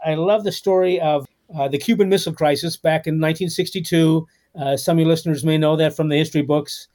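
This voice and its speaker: A man's voice: fairly high pitch, quick pace. A man in his sixties, a guest author telling stories in a podcast interview, with lots of fillers and restarts. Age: 60s. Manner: animated storyteller with frequent fillers.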